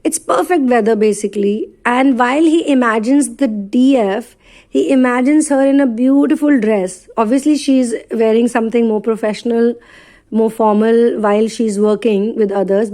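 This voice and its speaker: A woman from India telling a tarot channeling reading as a chatty story, with quick asides. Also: fairly high pitch, dark tone.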